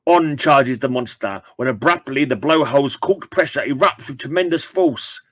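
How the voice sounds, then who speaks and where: A man reads an old comic aloud with lively delivery, breaking off for casual asides to his viewers. His voice sits in an ordinary middle pitch. The sound is dry and close, with no room around it. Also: normal speed, hardly any pauses, no room sound. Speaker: comic book reader and channel host.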